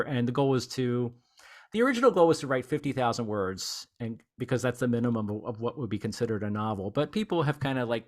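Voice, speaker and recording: Male podcast host, relaxed and chatty, asking the guest questions. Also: medium pitch. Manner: easygoing, chatty, with self-deprecating asides. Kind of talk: casual interview chat.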